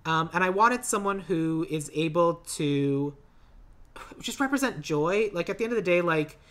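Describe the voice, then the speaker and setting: Male podcast co-host, crisp bright tone, rambling and chatty. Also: on the high side. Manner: rambling, filler-heavy, quick to laugh. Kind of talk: casual movie-podcast chat.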